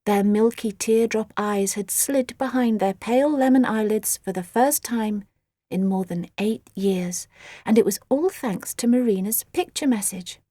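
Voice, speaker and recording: A woman narrating a children's audiobook with expressive, dramatic storytelling. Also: medium pitch, unhurried, dry recording.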